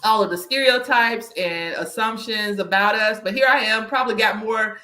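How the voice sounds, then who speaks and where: A woman with a Southern country twang hosts an interview in a chatty, emphatic way, often checking in with "right?". Her voice is bright and forceful. The sound carries a noticeable room echo. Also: medium pitch, moderate pace. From Southern United States. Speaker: podcast host and career coach. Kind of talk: conversational interview.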